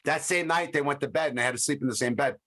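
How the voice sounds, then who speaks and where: A man's voice: medium pitch, fast talker, pushed and bright. A man with a middling voice tells rambling comic stories on a casual podcast. He slips into the voices of the people in his stories as he goes. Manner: rambling storyteller who acts out quoted voices. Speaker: podcast co-host. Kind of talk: casual comedy chat.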